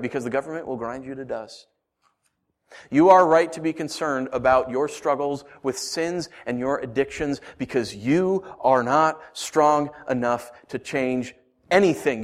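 A man preaching a sermon, swinging from hushed lines to emphatic ones and asking rhetorical questions. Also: mid-range voice, measured pace. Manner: rhetorical questions, storytelling asides. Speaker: pastor.

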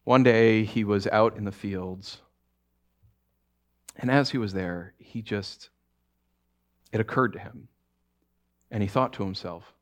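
A man preaching by telling a story, speaking softly and haltingly with frequent restarts. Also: on the low side. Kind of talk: sermon storytelling.

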